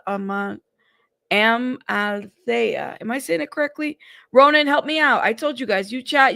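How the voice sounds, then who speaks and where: A woman's voice: on the high side, dry recording. A woman hosting a casual livestream, chatty and greeting viewers one by one by name, whose first language is Spanish. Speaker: livestream host.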